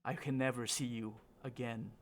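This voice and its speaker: A man's voice: mid-range voice, steady tone, normal speed, close to an everyday voice. A man voicing a sorrowful fey woman who speaks solemnly from the roots of a tree.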